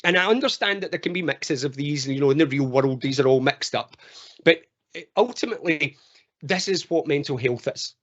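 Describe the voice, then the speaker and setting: A Scottish man leads an online training session and tells his stories with lively energy. His voice sits a little high for a man. It comes through dull, lo-fi video call audio. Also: a little fast. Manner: animated storyteller. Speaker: mental health trainer.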